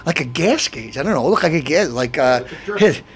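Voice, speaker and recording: A man in middle age hosts his show and vents about a grievance. His rant rambles and restarts, getting more indignant as it goes. His voice sits high and leaps about in pitch. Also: animated, fast, breathy edge. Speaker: show host. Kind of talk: ranting monologue.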